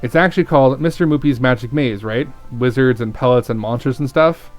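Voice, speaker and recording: A terse, laser-focused young gamer, rich and clipped, answering in short flat lines, as a man reads him out. The voice stays close to the man's own plain, mid-pitched tone, with faint music behind. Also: a little fast, natural voice. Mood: curt.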